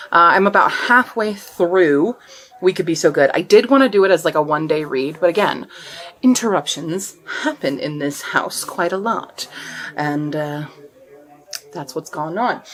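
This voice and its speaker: A woman vlogger talking casually about her sewing project and the book she is reading. She rambles, often trailing off and starting over. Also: medium pitch. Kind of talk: casual vlog chat.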